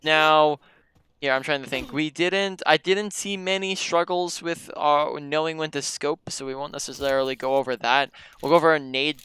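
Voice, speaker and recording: Bright, crisp-voiced male game coach. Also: fairly high pitch, fairly even intonation, normal speed. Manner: explanatory, restarts sentences, frequent ums. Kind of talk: coaching session over gameplay review.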